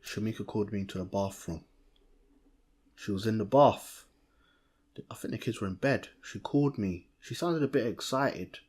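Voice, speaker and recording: Chatty young man, animated. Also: fairly low pitch, moderate pace, husky. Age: young adult. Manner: animated, chatty, self-interrupting. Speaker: podcast co-host. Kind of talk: casual chat.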